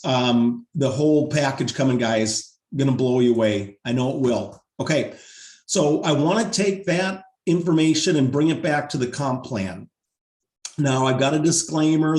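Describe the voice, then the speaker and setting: Brief: man, team leader pitching on a video call, upbeat and salesy, voice wearing thin, a bit high, echoey room. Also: a little mellow. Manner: upbeat, salesy, repeats numbers for emphasis. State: losing his voice. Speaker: team leader presenting a pay plan.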